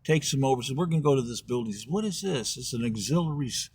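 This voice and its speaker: A man with a husky, slightly breathy voice spins a rambling, folksy tale in casual talk. He slips into the voices of the people in his story as he goes. The sound is dry and close, with almost no room around it. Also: medium pitch, very fast, a little mellow, dry recording. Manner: acts out both sides of imagined dialogues, folksy and rambling. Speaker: political candidate.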